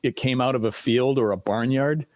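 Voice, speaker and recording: A man in casual chat over drinks, telling rambling stories with lively quoted voices as a podcast guest. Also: mid-range voice, normal speed, no room sound.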